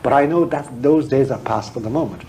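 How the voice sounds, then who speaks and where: A man's voice: mid-range voice, a little fast, mellow, slight background noise, low-quality recording. A man speaking as an interview guest, a historian and theologian, talking frankly and emphatically, repeating words when he presses a point. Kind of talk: frank, discursive interview talk.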